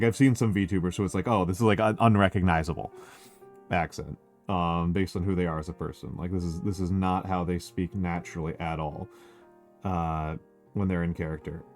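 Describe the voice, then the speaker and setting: A middle-aged man from Chicago with a Chicago accent touched by New York, chatting casually on a stream in a rambling, self-correcting way full of fillers. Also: deep voice. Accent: Chicago with some New York. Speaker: VTuber streamer.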